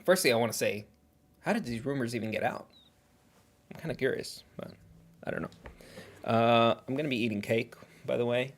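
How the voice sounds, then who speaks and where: A man hosts a casual livestream and comments on clips in a loose, rambling way. He sometimes talks while chewing. His voice sits at an ordinary, middle pitch. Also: brisk, slight background noise. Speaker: livestream reaction host.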